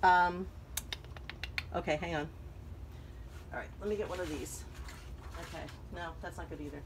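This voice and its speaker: A woman's voice: fairly low pitch, steady tone, moderate pace, long pauses, background noise. A middle-aged woman hosting a crafting channel, chatting casually and thinking aloud with lots of fillers as she works. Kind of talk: casual crafting tutorial chat.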